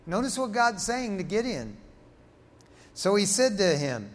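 A man preaches with animated energy, his voice sitting slightly high as he acts out voices from scripture. The sound carries a long reverb from a large church hall. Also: normal speed. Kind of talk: sermon.

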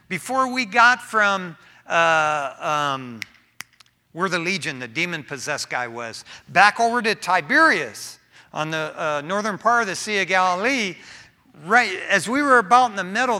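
A man preaching to his congregation in a relaxed, lively way, peppering his points with "man". His voice is very bright and sits a little high. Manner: casual, animated preaching with frequent "man". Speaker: pastor. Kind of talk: sermon.

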